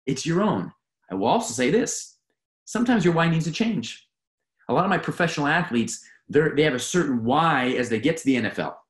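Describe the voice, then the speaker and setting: Earnest male performance coach, animated delivery, roomy echoey sound. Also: fairly high pitch, fairly quick. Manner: earnest, emphatic, repeats key phrases. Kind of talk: motivational talk. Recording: roomy echo.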